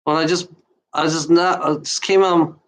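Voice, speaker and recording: A woman from Germany giving an emotional unscripted monologue, out of breath and talking in halting, restarting bursts. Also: low voice, steady tone. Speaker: channel host.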